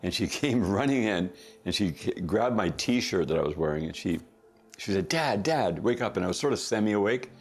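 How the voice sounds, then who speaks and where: A middle-aged man casually telling a family story as a podcast guest, chuckling often and throwing in quick asides. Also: lowish voice, expressive, husky, faint music behind.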